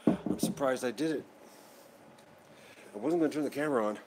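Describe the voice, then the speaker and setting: A man's voice: medium pitch, brisk, heavy background noise. A man, chatting casually and rambling on a livestream about his day and his animals. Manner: rambling, self-deprecating, talks to his animals. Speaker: vlogger raising ducks.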